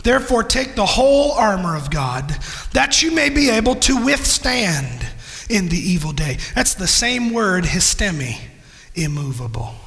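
A man with a strikingly high, bright voice preaches a sermon. He is animated, breaking into loud bursts and quick asides. His voice rings with the long echo of a church hall. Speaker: pastor.

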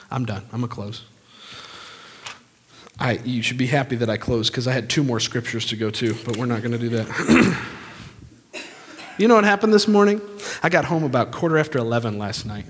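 Animated preacher in a hall. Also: male voice, moderate pace, pauses often, breathy edge. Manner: animated, storytelling with swings from booming to hushed. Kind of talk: sermon. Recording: long reverb of a large hall.

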